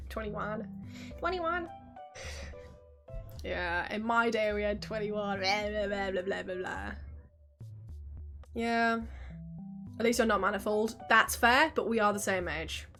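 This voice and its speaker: A woman's voice: medium pitch, pushed and bright. A woman in her early twenties chatting casually on a live stream, telling stories with frequent laughs and swearing.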